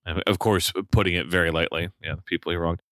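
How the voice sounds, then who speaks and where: A man's voice: low-pitched, steady tone, quick pace, a bit bright, no room sound, clean studio sound. A man co-hosting a casual film review podcast, talking with a wry, joking manner. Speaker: podcast co-host.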